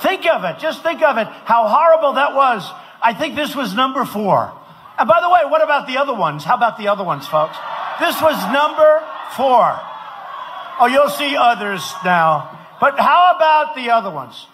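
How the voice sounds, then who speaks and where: American politician yelling at a rally, keeps repeating himself, very high pitched voice. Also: male voice, sing-song, moderate pace. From United States. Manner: shouting, emphatic, repeats phrases. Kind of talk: campaign rally speech. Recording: rally recording with clear background noise.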